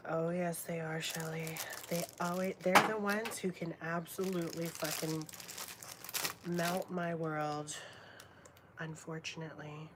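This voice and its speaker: Woman in her late twenties, casual live-stream chat, slow easy pace, swears, slips into whispers, clear background noise. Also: low-pitched, fairly even intonation. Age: late 20s. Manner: swears freely, often drops to a whisper. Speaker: livestreamer chatting with viewers.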